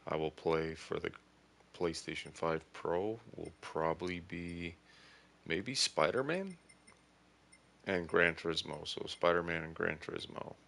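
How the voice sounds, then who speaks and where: A man giving casual, excitable gaming commentary, thinking aloud as he plays. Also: sits low, a little slow, gravelly. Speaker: gaming streamer.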